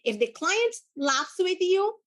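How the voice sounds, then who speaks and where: A woman's voice: extremely high pitch, very animated, takes it slowly, fairly bright tone. A woman leading a live sales training, assertive and commanding, repeating words for emphasis.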